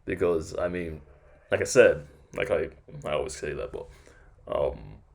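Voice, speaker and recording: A man's voice: a bass voice, sing-song, a little slow, vocal fry, darkish tone. A man telling a casual story on his podcast, laid-back and chuckling as he recounts it. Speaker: podcast host.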